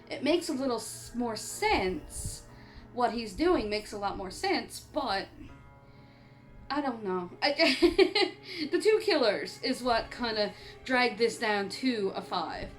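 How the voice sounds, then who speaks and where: A chatty woman from Canada rambles through a casual horror film review, laughing often and talking with the hiccups. Her voice sits a bit high, and soft music plays behind her. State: has the hiccups. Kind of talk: casual movie review vlog. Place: home on an island in eastern Canada.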